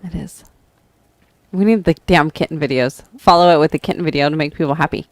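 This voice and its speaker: A woman's voice: low voice, fairly quick, no echo. A woman co-hosting a talk radio show, bantering in a joking, sarcastic way. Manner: joking and sarcastic, laughing often. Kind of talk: casual banter.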